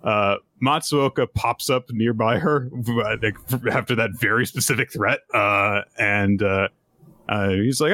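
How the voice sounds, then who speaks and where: A man co-hosting a podcast, chatting casually and recapping chapters, animated and acting out quoted lines. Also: on the low side, a little slow, no room sound, clean studio sound. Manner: animated storyteller who acts out quotes. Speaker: podcast co-host.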